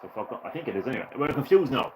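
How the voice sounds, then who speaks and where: A man's voice: medium pitch, sing-song, very fast, slight background noise, rough recording. A man giving casual let's play commentary, rambling and correcting himself, with sarcastic, profane rants at the characters. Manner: sarcastic, profane ranting asides; rambling, self-correcting chatter. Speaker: gaming channel host.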